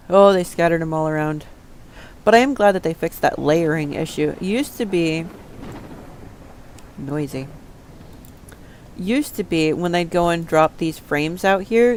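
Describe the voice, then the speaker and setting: A woman's voice: sits low, darkish tone, slight background noise. A woman streamer chatting to herself as she plays, casual and prone to swearing under her breath. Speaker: game streamer. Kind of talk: casual gameplay commentary.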